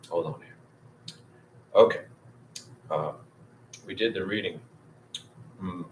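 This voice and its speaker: A man's voice: sits low, slow pace, long pauses, a little hiss or hum, rough recording. A man hosting a casual livestream, rambling, swearing and talking to his viewers by name. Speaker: livestream host.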